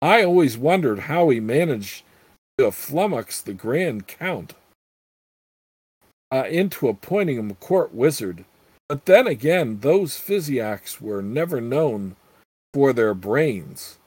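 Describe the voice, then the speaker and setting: A man's voice: medium pitch, very animated, slow pace, darkish tone, husky, no echo, exaggerated voice. A man voicing a crude, scheming old female witch with brash, earthy talk. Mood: scornful.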